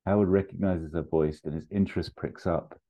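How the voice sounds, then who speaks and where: A male podcast host pitching a film in a loose, rambling way, full of fillers and restarts. His voice is very deep and dark. The recording is dull and lo-fi. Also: fairly even intonation, fairly quick. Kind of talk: casual comedic pitch.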